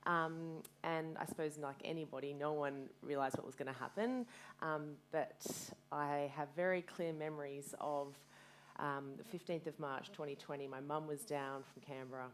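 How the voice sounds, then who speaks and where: A woman's voice: low voice, steady tone, moderate pace, a little hiss or hum. A woman in her thirties, a guest speaker telling her story frankly and with energy at a live community event, swearing freely and quoting herself. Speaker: guest speaker, fitness business owner.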